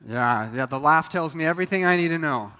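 A man's voice: on the high side, animated, fairly quick, bright, forceful tone, clear, resonant tone. A man preaching a sermon as a pastor, talking to the congregation conversationally and acting out quoted lines. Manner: conversational preaching with acted asides. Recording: reverberant hall.

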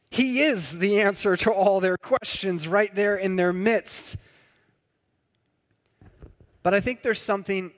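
A man preaching a conversational sermon, sometimes acting out the people in his story. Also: sits high. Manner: conversational, acts out quoted voices. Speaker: pastor. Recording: long hall reverb.

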